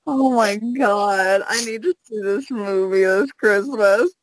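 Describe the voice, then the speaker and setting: A woman's voice: medium pitch, slow pace, noisy background. A young woman in casual chat, reacting with frequent exclamations.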